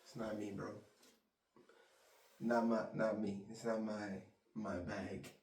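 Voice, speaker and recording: Man doing a mocking take on a carefree influencer guy, dismissive and low-key; roomy distant sound. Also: little pitch movement, slow, a little mellow. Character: breezy male influencer dodging politics. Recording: roomy sound, mic far off.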